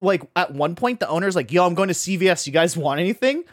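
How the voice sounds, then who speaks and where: A man telling a long story in casual chat, animated, acting out his friends' voices and filling his talk with "like" and "right?". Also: high voice, dry recording, studio quality. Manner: fast, full of "like" and "right?".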